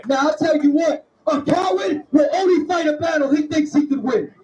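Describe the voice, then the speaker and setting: A man arguing in a heated street debate outdoors, confrontational and shouting, repeating his taunts. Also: extremely high pitch, normal speed, muffled recording. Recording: distant mic with loud crowd.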